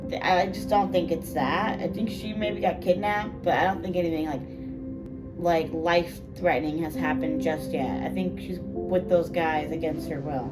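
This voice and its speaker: A woman's voice: lowish voice, steady tone, moderate pace. Emotional woman reacting over show music. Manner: emotional, repeats herself, trails off mid-sentence. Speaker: reaction video host. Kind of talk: casual reaction commentary. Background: show soundtrack music playing.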